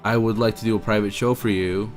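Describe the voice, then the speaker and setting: A man telling a story to camera in a casual vlog, excitable and anxious, swearing often and stammering through restarts. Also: fairly low pitch, a little fast, faint music behind. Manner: excitable, swears a lot, loud bursts of disbelief. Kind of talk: casual story-time monologue.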